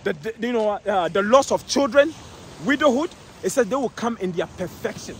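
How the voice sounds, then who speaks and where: A man preaching in the street, emphatic and repetitive, reading scripture slowly and calling out to listeners. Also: high-pitched, animated, a little hiss or hum. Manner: emphatic, repeats phrases, reads scripture slowly, calls out "eh?".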